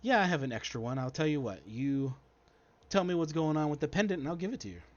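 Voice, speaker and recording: A man voicing a friendly, generous woman who leads a rival adventuring party, speaking a little higher than his own voice. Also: lively intonation, fast talker, dull audio, natural voice. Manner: chatty and generous.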